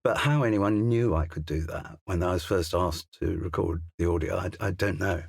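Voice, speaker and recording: A man's voice: sits low, moderate pace, creaky, slightly rough, dry recording. An older English man, a crime novelist, chatting as a studio guest with a hesitant, self-deprecating manner full of restarts and asides. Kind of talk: casual interview chat. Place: recording studio.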